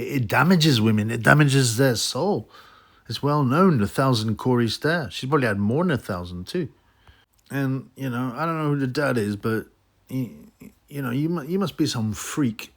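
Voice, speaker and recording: A man rants in a loose, sneering monologue, stumbling through fillers and restarts. His voice sits at an ordinary middle pitch. He jumps into mocking high voices now and then. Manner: slips into mocking high voices when quoting. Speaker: boxing commentary channel host. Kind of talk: ranting casual monologue.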